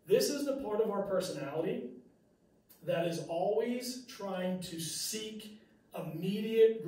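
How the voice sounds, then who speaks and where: A man's voice: high voice, a little mellow, recorded from a distance. A male teacher giving a casual classroom lecture, conversational with fillers and restarts. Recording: very echoey room, mic from afar.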